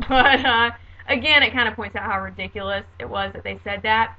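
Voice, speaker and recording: A woman in her late twenties chatting casually on her video diary, sarcastic and quick to laugh. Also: a little high, dull audio. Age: 20s. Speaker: vlogger.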